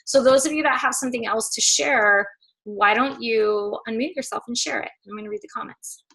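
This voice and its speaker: A woman with a slightly high voice hosts a team video call. She talks in an upbeat, excitable way with plenty of casual fillers. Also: a little fast, gravelly, poor audio. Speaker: team coach leading a group call.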